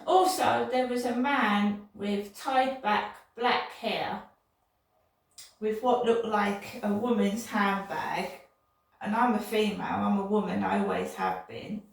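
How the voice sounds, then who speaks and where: Gravelly older woman, slow and echoey. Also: medium pitch, steady tone. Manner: indignant, repetitive, digressive. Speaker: vlogger. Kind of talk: casual rambling monologue. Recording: echoey room, distant from mic.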